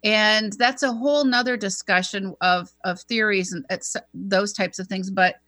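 A woman with a bright, ringing voice tells a personal story in an easy conversational way. She acts out the people she quotes as she goes. The sound is dry and close, with no room around it. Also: mid-range voice, steady tone, normal speed, dry recording. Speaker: co-host.

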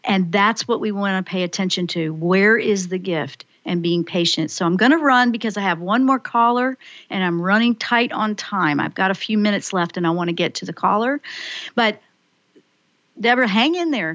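A woman hosting a spiritual radio call-in show, talking excitedly and rambling as she acts out her own inner voice. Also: mid-range voice, normal speed, dry recording, muffled recording.

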